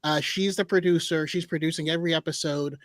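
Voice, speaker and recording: A man's voice: fairly high pitch, fairly even intonation, fast, no echo. A man co-hosting a podcast in casual chat, hesitant with many restarts before making his point. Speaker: podcast co-host.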